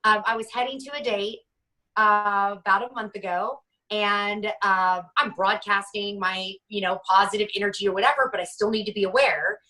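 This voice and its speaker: A woman in her forties, a guest author telling her personal story in an interview, halting and restarting often, acting out what others said. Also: medium pitch, rough recording. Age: 40s. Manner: halting, many restarts, lively quoting of others.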